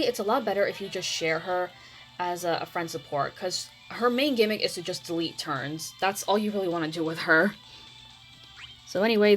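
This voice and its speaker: A woman's voice: on the low side, poor audio. A woman giving casual, hesitant gameplay commentary for her channel, trailing off and calling herself mumbly. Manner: rambling, hesitant, self-admittedly mumbling. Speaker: mobile game video creator.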